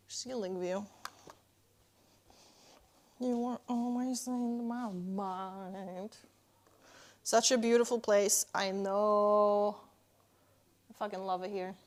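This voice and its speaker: A woman's voice: medium pitch, fairly even intonation, drawn-out words, long pauses. A young woman streaming from her kitchen at home, chatting playfully and answering her chat. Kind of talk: casual live-stream chat.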